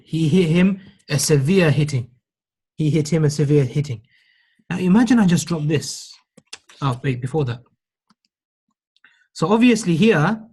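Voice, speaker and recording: A man with a somewhat high, husky voice teaches a grammar class. He explains patiently, repeats key phrases and encourages his students with praise. His delivery is relaxed and conversational. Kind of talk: classroom lesson.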